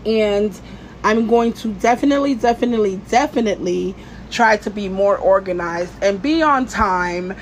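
A woman's voice: medium pitch, normal speed, slight background noise. A woman hosting her own podcast, venting in a casual, blunt and profane way, with lots of "you know" fillers. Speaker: podcast host.

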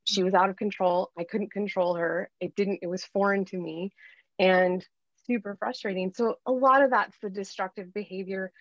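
Woman in her 30s, life coach, animated and candid on a podcast, dry muffled sound. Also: mid-range voice, moderate pace, dry recording. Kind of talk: podcast interview.

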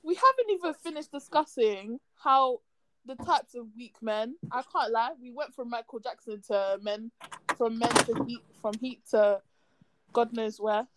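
A woman's voice: a little high, unhurried, fairly bright tone, a little hiss or hum, low-quality recording. A young woman, co-hosting a casual chat podcast with teasing, provocative jokes. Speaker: podcast co-host.

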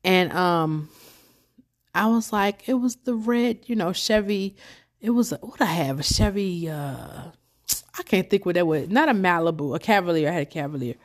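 Young woman host, lower voice, rambling emotional storytelling, casual and chatty. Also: lively intonation, moderate pace. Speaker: podcast host.

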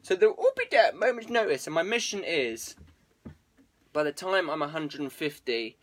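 A man's voice: fairly high pitch, very animated, normal speed, a bit bright. A man streaming to viewers as a musician, rambling casually with plenty of swearing and jokes. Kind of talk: casual livestream chat.

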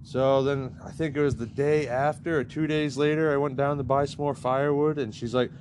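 A man in the middle of a storytime rant, his voice pitched right at an everyday middle. He rambles and swears freely, leaning on "like" every few words. A faint hum of surroundings sits under him. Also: fairly even intonation, brisk, darkish tone. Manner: profane, rambling, heavy use of "like". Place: campground in New Mexico.

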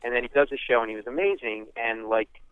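A man comedian tells a story at a fast clip and acts out the voices in it. His voice comes through a tinny, phone-like line. It sounds dry, with no room sound. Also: mid-range voice, clear, resonant tone, dry recording. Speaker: comedian and podcast host, guest. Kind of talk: animated comic storytelling.

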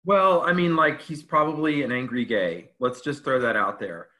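A man co-hosting a casual chat, joking in a sarcastic way with quick quips. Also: medium pitch, pushed and bright. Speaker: co-host.

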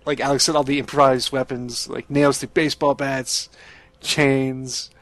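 A man's voice: medium pitch, level tone, measured pace, fairly bright tone, dry recording. A man chatting casually as a podcast co-host, rambling, laughing often and swearing freely. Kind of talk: casual chat.

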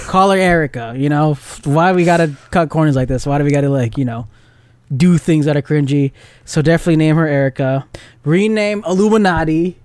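Male podcast co-host, excitable and profane, dry close sound, laughs a lot. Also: fairly high pitch, smooth, dry recording. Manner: excited, laughs often, swears casually. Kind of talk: casual chat.

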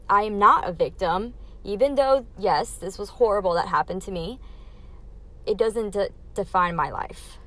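A woman's voice: medium pitch, a bit bright. A young adult woman hosting her own podcast, talking candidly through a numbered list of life lessons in a casual, emphatic way. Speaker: podcast host.

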